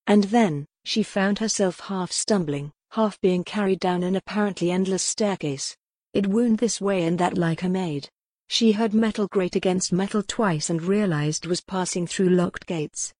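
A woman reading an audiobook aloud in a steady, measured narration. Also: fairly low pitch, no room sound, studio quality. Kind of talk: scripted narration.

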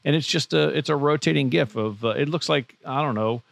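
A man's voice: a little high, fairly quick, creaky, a bit bright, no room sound. A man co-hosting a podcast in casual chat, easygoing and agreeable. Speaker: podcast co-host.

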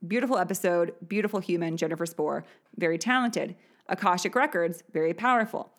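A woman's voice: fairly low pitch, a little fast. A woman in her thirties hosting a podcast, telling a personal story in a candid, chatty way, laughing now and then. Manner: chatty, candid, often laughing, many fillers. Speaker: podcast host.

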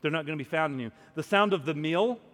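Higher-voiced male preacher in a reverberant hall. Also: animated, quick pace. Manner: swings from hushed to loud, emphatic preaching. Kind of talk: sermon with scripture reading.

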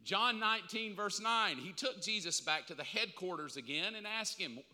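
A man with a fairly high, very bright and cutting voice teaches a Bible lesson in a casual, conversational preaching style. He jumps from quiet asides to loud, emphatic bursts. His voice rings out with a long reverb in a large church hall. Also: expressive, normal speed. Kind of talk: sermon.

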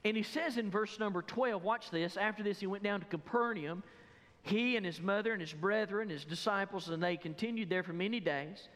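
High-voiced man preaching in a reverberant hall. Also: fairly quick. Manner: animated, rhetorical questions to the congregation. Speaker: pastor. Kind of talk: sermon.

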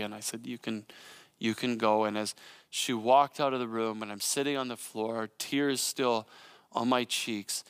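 A man in his thirties preaching a sermon, moving between impassioned, repetitive preaching and quiet personal storytelling. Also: lowish voice, clean tone, no echo. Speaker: pastor.

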